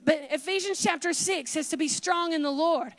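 A woman preaching a Pentecostal sermon, her voice high and fervent. She swings between loud exhortation and hushed, confiding asides. The sound is dry and close, with no room echo. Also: moderate pace.

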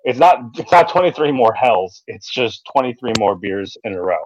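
A man's voice: mid-range voice, animated, normal speed, a crowd in the background. A man co-hosting a casual podcast chat, telling a story in a rambling way with lots of ums and restarts. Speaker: podcast co-host. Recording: dry, slightly dull sound.

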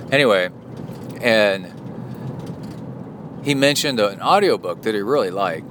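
A man from the US hosting a podcast, chatting casually and going off on tangents while he drives. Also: fairly low pitch. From United States. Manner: rambling, tangent-prone, self-correcting. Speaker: podcast host. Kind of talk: casual solo podcast talk. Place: inside a moving car. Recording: car noise behind the voice. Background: road and car noise.

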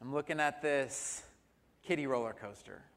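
A man's voice: medium pitch, moderate pace, a bit bright, long reverb tail. A man preaching a sermon as pastor, telling a humorous personal story. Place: church sanctuary.

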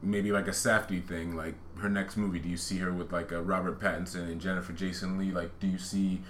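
Low-voiced man in casual podcast talk. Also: flat delivery, brisk, fairly bright tone, roomy sound, slight background noise. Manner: hesitant, restarts often. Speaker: podcast co-host. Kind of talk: casual film chat.

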